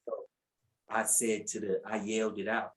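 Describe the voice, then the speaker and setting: On a podcast, a male guest shares his personal faith testimony in a casual, colloquial style, often repeating words. He brings the story to life by acting out what people said in a raised, animated voice. His voice sits on the low side at a normal speed, and the recording is low quality.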